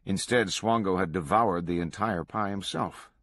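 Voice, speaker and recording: A man reading a true crime book aloud to a book club in a steady, measured way. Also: low voice, no echo.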